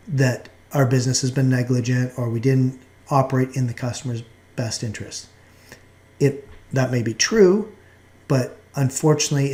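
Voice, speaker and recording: A man giving a recorded course lecture in a measured, explanatory way, now and then restarting a phrase. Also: medium pitch, dark tone.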